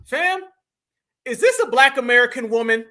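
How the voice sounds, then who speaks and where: A man with a strikingly high, bright and forceful voice hosts a live stream. He talks emphatically and turns often to his chat. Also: sing-song, moderate pace. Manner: emphatic, addresses the chat directly. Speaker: livestream host.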